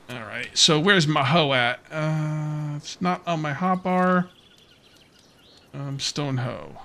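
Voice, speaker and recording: A man casually commenting while playing a survival game, rambling and questioning himself, with hiccups. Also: fairly high pitch. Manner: musing, rambling, self-questioning with soft laughs. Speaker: gameplay let's player.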